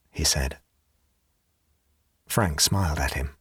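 Husky-voiced male audiobook narrator. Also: extremely low pitch, slow pace, long pauses, fairly bright tone, no echo, clean studio sound.

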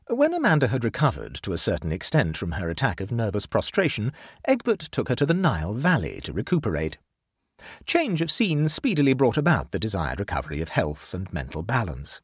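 Man, storybook narration, husky, very lively pitch. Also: no room sound, clean studio sound. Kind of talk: storybook reading aloud.

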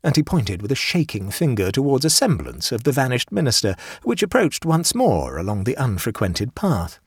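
A man reads a story in a measured, expressive way. His voice is slightly husky and moves through a very wide pitch range, recorded close and dry. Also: dry recording. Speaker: narrator. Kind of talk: scripted storybook narration.

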